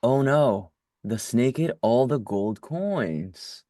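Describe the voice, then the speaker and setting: A man's voice: medium pitch, animated, slow pace, dark tone, no echo, clean studio sound. A man reading lines as a joking, sarcastic boy at a rehearsal read-through. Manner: teasing, sarcastic. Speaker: actor in a rehearsal.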